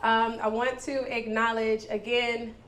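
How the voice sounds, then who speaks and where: A woman hosting a live spoken word event, talking casually and warmly to the crowd as y'all. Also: a little high, flat delivery, measured pace. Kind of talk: live stage address to an audience. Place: indoor event venue. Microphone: handheld microphone. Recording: live event with clear background noise.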